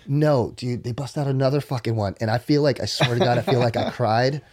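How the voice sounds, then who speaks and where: A man's voice: brisk, noisy background. Guy on a podcast telling a wild story, swears a lot, voice goes way up when he quotes people and down to a whisper. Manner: animated, profane, drops into whispers and high quoting voices. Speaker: podcast guest. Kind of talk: casual storytelling.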